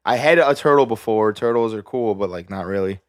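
A man chatting casually on a podcast, laid-back and halting, full of fillers and restarts. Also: on the low side, no room sound, studio quality. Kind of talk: casual chat.

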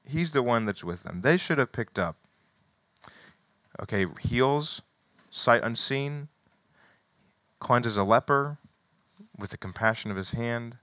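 A man's voice: mid-range voice, pushed and bright, dry recording. A man preaching a sermon, reading scripture aloud with rising emphasis and then commenting casually with small laughs.

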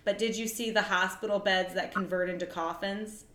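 A woman's voice: medium pitch, fairly even intonation, moderate pace, fairly bright tone. A young woman co-hosting a podcast, chatting casually and giggling as she rambles. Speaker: podcast co-host. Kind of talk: casual chat. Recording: echoey room.

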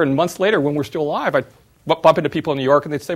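A middle-aged man, a former startup CEO, giving a university talk and telling personal stories in an animated way. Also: fairly high pitch, racing, slightly rough. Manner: animated storyteller, voice jumps up when retelling exchanges.

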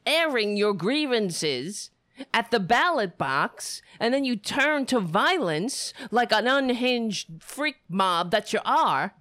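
A woman's voice: a little high, sing-song, takes it slowly, a bit bright, dry recording. A woman giving ranting political commentary, heated, sarcastic and swearing freely.

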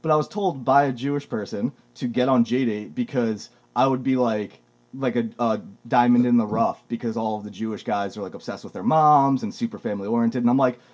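A man's voice: medium pitch, brisk, darkish tone. A man co-hosting a podcast in casual chat, swearing freely and laughing often as he tells stories. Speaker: podcast co-host.

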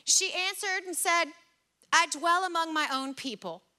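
Bright high-voiced woman preaching. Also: a little slow. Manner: earnest, conversational preaching with paraphrased scripture. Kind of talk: sermon.

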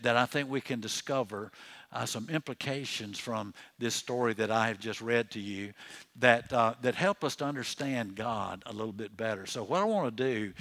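A man's voice: mid-range voice, fairly bright tone. An older man preaches in an easy, conversational way from a church pulpit, his voice sitting in a middle range. He repeats himself, restarts his sentences, and checks in with his listeners as he goes. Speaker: pastor. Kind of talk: sermon.

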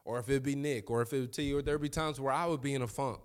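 Pastor guy preaching, gets loud and high when fired up, then goes quiet and chatty. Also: fast, hardly any pauses, clear, resonant tone. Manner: animated, rising to high excited pitch when preaching. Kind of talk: sermon.

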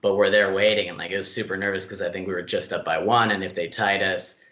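A man telling stories in a casual interview, relaxed and full of fillers, laughing easily. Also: low-pitched, quick pace, echoey room. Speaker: club staff member being interviewed.

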